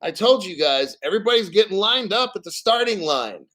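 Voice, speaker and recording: A man's voice: sits high, lively intonation, brisk, fairly bright tone. A middle-aged man hosting a crypto channel, ranting casually and bluntly with plenty of swearing and reading out bits of news. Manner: blunt, profane, rambling, reads out news. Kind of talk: casual live stream rant.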